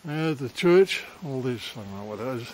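Speaking at normal speed with lively intonation, this male travel vlogger has a medium-pitched, darkish voice. He wanders through forest castle ruins on a walking tour, muttering slang and side comments, captured outdoors by a handheld camera mic.

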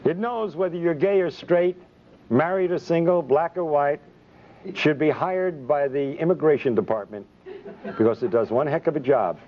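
A man's voice: on the high side, moderate pace, slight background noise. Indignant man giving a fiery speech. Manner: indignant, rhetorical questions, sarcastic. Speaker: physician giving a public speech. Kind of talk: impassioned public speech. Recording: dull lo-fi recording.

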